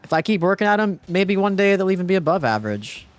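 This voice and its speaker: A young streamer with a high-pitched voice talks fast while playing a game live, chatting casually with viewers and a teammate. He shifts between muttered calm and frustrated bursts.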